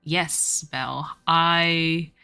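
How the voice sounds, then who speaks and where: Her voice is low, steady and sharp, with vocal fry and a clean tone, and she speaks very slowly. A French-raised streamer whose first language is French, she chats casually with viewers over a game and laughs often, with faint game music behind her.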